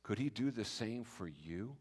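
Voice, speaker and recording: A man preaching a sermon as pastor, telling the story with lively acted-out dialogue. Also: lowish voice, measured pace, husky. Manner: animated storytelling, acting out biblical speakers in voice. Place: church sanctuary. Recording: reverberant church hall.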